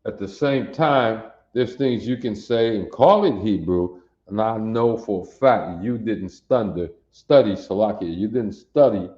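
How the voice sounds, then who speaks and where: Male teacher, slow and deliberate, drilling sounds, in an echoey room on a dull recording. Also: fairly low pitch. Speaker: language teacher. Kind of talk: classroom lesson, drilling sounds.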